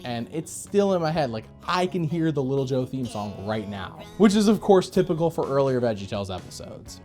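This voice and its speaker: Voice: mid-range voice, a little mellow. Wry, sarcastic episode reviewer. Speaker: video reviewer.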